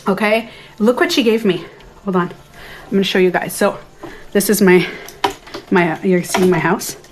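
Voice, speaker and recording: A middle-aged woman runs a casual live stream from her home den, a little out of breath, with soft music behind her. She chats with viewers, reads their comments, and keeps interrupting herself, all in a steady, mid-range voice at a moderate pace.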